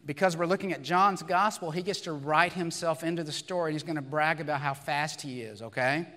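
A hoarse pastor, his voice raspy and a touch higher than most men's, preaching to his congregation in a conversational way. He asks rhetorical questions as he goes, and a long reverb hangs over his words in a big church hall. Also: fairly quick, bright, forceful tone. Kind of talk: sermon. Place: church sanctuary.

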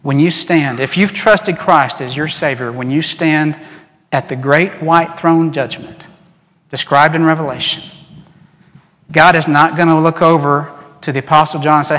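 Animated male preacher in a reverberant hall. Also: on the high side, moderate pace. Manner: animated preaching, acts out quoted voices, drops to soft earnest tones. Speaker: pastor. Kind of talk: sermon. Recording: long reverb in a large hall.

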